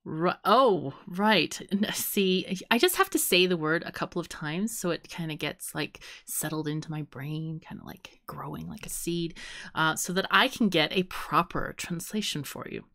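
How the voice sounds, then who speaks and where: A woman's voice: fairly low pitch, big pitch swings, normal speed, pushed and bright, no echo, studio quality. A woman co-hosting a podcast in playful casual chat, rambling through guesses and laughing often. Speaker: podcast co-host.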